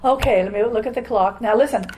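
Woman preacher, highish voice, rapid run-on sermon, echoey church room, faint ambience. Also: a little mellow, a little hiss or hum. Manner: fast, run-on talk with restarts and throat clearing. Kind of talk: charismatic sermon.

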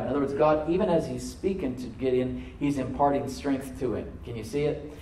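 A man preaching to a congregation, reading scripture aloud and then dropping to a soft voice to stress a point, calling for responses from the room. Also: medium pitch, a little fast, reverberant, a little hiss or hum, poor audio. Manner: asks the congregation to answer back. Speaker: pastor. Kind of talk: sermon. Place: church service with a live congregation.

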